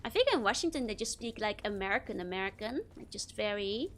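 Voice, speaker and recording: A woman's voice: mid-range voice, expressive, fast, slight background noise. A young woman with a Dutch accent chatting casually while playing a game, laughing often as she answers her chat. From Netherlands. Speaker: streamer.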